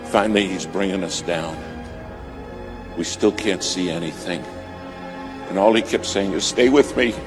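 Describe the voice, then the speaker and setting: A man preaching a sermon, telling a story with dramatic swings from loud to hushed. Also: deep voice, steady tone, a little slow, pauses often. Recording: music bed behind voice.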